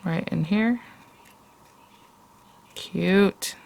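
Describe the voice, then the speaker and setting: A woman with a low voice talks her way through a hands-on craft demo. She chats casually and thinks aloud as she works, with a gravelly fry in her voice. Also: very slow, a little mellow. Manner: chatty, thinking aloud while working by hand. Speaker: craft tutorial host.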